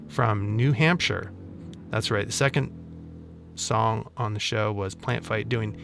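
A man's voice: lowish voice, slow pace, gravelly. A man hosting a radio music show, casually back-announcing songs with wry, self-mocking asides into a studio microphone.

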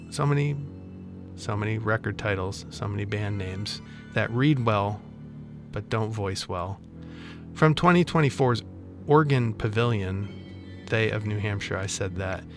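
A man hosting a radio music show, casually back-announcing songs with wry, self-mocking asides into a studio microphone. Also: lowish voice.

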